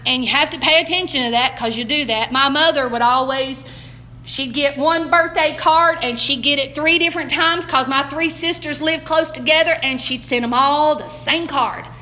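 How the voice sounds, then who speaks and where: An older woman with a Southern American drawl teaches a Bible lesson in a high, bright voice. She talks in a homespun, chatty way and keeps putting questions to her listeners. The delivery is warm-hearted and conversational rather than preachy. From Southern United States. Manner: homespun, asks the listeners many rhetorical questions. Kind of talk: folksy morning Bible lesson.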